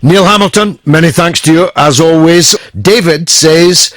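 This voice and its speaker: A Scottish man hosting a talk radio phone-in, delivering slow, emphatic oratory with dramatic pauses. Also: on the high side, animated, fairly bright tone, dry recording, studio quality. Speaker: radio talk show host.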